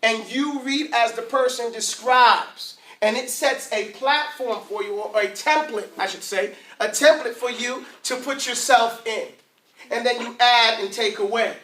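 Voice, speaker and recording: A man with a high, bright voice leads an Arabic class, asking the group questions and having them repeat sounds after him. He stands well away from the microphone, and the classroom rings with echo. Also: unhurried. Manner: lively, asks the class questions, drills sounds aloud. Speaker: Arabic teacher. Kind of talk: classroom teaching. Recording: roomy classroom, mic far off.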